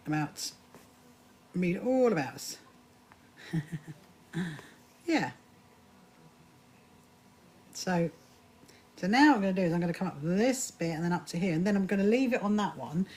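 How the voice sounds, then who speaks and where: A woman's voice: on the low side, a little mellow. A woman hosting a casual sewing live stream, chatty, often restarting her sentences and greeting viewers by name. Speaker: livestream host. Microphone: phone or camera on a live stream.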